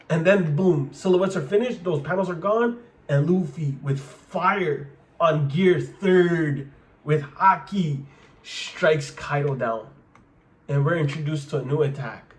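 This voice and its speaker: A young man giving an excited, casual manga chapter review, full of slang and filler words. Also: on the high side. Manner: hyped, lots of "like" and slang.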